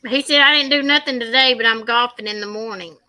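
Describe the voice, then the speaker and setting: A woman co-host who chimes in with short, quiet remarks and relays viewer comments in a casual chat. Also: on the high side, fast talker, smooth, no room sound. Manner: quiet, brief interjections. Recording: distant, with crowd noise behind.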